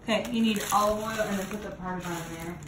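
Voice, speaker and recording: Quick dry woman correcting from across the room. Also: mid-range voice, fairly even intonation. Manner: dry, correcting, matter-of-fact. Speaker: the actual cook giving instructions. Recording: echoey kitchen, distant from mic, noisy.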